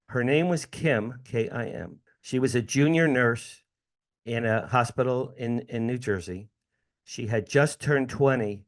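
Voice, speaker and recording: A man in his sixties from the United States, an interview guest telling a personal story with lively acted-out dialogue and frequent laughs. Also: medium pitch, normal speed. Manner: animated storyteller, acts out dialogue, laughs often.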